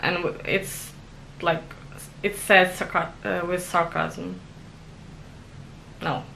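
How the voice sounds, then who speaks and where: Giggly woman language vlogger, slow-paced. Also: lowish voice, flat delivery, gravelly, sharp tone, a little hiss or hum. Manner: self-conscious, giggly, lots of fillers. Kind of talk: casual vlog monologue.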